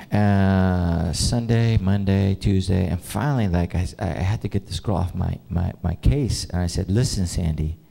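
Gravelly-voiced male preacher telling stories. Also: low voice. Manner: animated, laughs often, many fillers. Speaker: pastor. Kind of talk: storytelling sermon.

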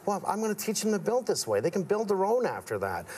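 A man's voice: high voice, very animated, fast talker, darkish tone, breathy edge. A man, a contractor, talking as a guest in a casual TV interview, telling stories and acting out what others said. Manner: storytelling, acts out quotes of his father. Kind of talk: casual talk show interview. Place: TV studio with audience.

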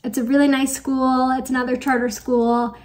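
A young woman teacher chatting excitedly in a casual vlog, with many "like"s. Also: high-pitched, normal speed. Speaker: teacher and vlogger.

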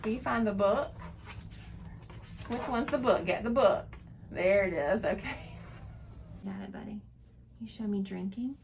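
A woman's voice: mid-range voice, unhurried, creaky, long pauses, a little mellow, a little hiss or hum. A woman talking in sing-song, encouraging baby talk to a young child at home, in a home video. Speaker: caregiver mother.

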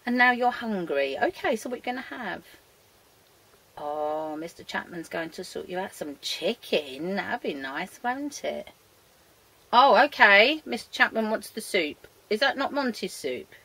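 Husky, sing-song woman teaching small children. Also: medium pitch, lively intonation, normal speed, a bit bright. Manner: sing-song, coaxing, talking to young children and a puppet. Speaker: early years maths teacher. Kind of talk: lively children's lesson with a puppet.

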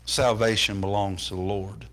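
A pastor preaching a sermon, building from plain storytelling to impassioned shouting in a church. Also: male voice, on the low side, flat delivery, moderate pace.

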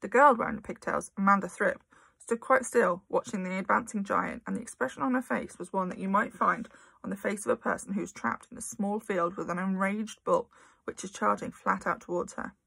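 A woman reads a children's story with lively, expressive storytelling. Her voice has a gravelly, husky texture. The sound is dry and close. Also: medium pitch, brisk, no room sound. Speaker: narrator. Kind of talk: audiobook reading of a children's novel.

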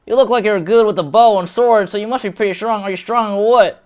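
Guy putting on an excited little village kid, high squeaky voice, loud, pushy. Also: fairly quick, natural voice. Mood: eager. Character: eager young village boy asking for help.

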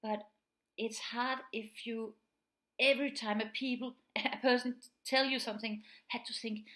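A woman's voice: a little high, steady tone, measured pace, fairly bright tone. Woman teacher, earnest and explaining. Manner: earnest, explaining plainly, often acts out quoted speech. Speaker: teacher of pupils with autism. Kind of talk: spoken presentation.

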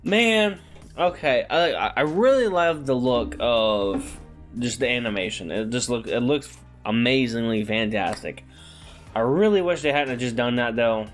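A man's voice: mid-range voice, expressive, a little slow, faint music behind. A man hosting a casual trailer reaction, chatty and laughing as he reacts. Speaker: host.

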